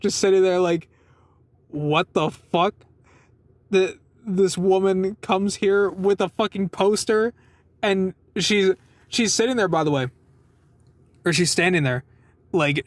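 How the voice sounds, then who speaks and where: A man's voice: sits high, fairly even intonation, moderate pace, dry recording. Rambling, swearing young man telling a story. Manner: rambling, swears a lot, laughs while telling. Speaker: vlogger telling a work story. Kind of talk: casual storytelling.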